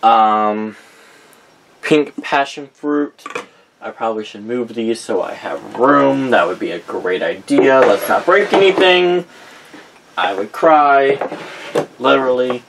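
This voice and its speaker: A young vlogger showing off his candle collection chats casually in a gravelly, medium-pitched voice that's slow and expressive, with background noise behind him. He rambles while reading out a list of names, frequently correcting himself.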